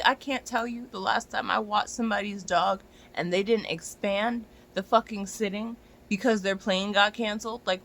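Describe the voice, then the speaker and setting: A young adult dog walker ranting to a phone camera, exasperated and profane, often climbing to near-shouts. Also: medium pitch.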